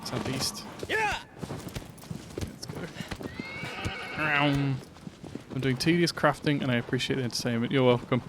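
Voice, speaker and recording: A man streaming a video game from his flat, making puns and chatting with viewers. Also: mid-range voice, slow, pauses often, noisy background. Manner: jokey, punning, chatty with viewers. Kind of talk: live gameplay commentary. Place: home flat. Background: music.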